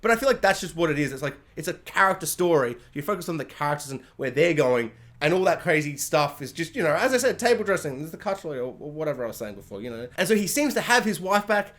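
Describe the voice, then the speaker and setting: Excitable guy chatting a show review, high voice that bounces all over. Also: fast talker, hardly any pauses. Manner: excitable, jumps into silly voices when quoting. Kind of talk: casual spoiler review.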